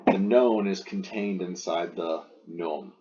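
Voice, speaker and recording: A man's voice: low voice, slow pace, warm tone, dull audio. A man teaching a Latin lesson, patiently explaining each exercise sentence and rephrasing the questions. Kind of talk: recorded lesson walking through exercise sentences.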